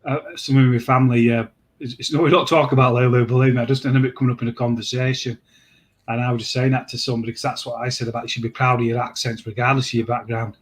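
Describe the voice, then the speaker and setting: A man hosts a relaxed conversation, rambling through his points and stopping to restart sentences. His voice sits at an average pitch for a man. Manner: rambling, halting, many restarts. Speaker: host. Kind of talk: casual chat.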